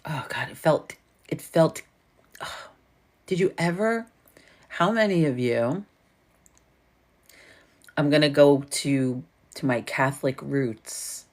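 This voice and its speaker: A New York woman with a matching accent hosts a casual livestream chat, telling a story packed with swearing and laughter. Her voice is low and slow, with long pauses.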